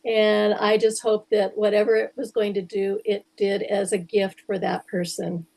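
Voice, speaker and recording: A woman's voice: medium pitch, flat delivery, normal speed, creaky, a little mellow. A woman on a video call, speaking in an earnest, reflective way as a participant. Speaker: workshop participant. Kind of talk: casual video call chat.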